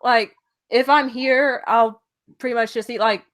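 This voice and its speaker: A woman with a Southern US accent hosts a casual interview in a fairly high voice. She is friendly and reads out viewer comments as she goes. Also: steady tone, a little slow, fairly bright tone. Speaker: interview host.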